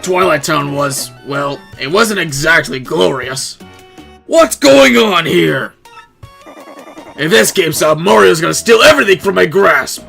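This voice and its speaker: A man voicing a loud, grumpy, boastful monster king who blusters and drags out words. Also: fairly high pitch, lively intonation, unhurried, gravelly, faint music behind, voice pushed up, heavily acted. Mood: grumbling.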